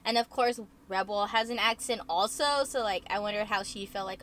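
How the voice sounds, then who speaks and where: A woman's voice: medium pitch, brisk, fairly bright tone, slight background noise. A bubbly young woman who acts, co-hosting a casual chat, laughing often and using lots of fillers. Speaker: co-host, actress.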